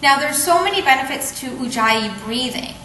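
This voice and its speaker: Patient woman explaining yoga breathing, clear bright voice, roomy echo. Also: sits high, moderate pace, a little hiss or hum. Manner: calm, patient, checks in with "okay?". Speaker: yoga teacher. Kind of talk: instructional explanation. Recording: echoey room, faint ambience.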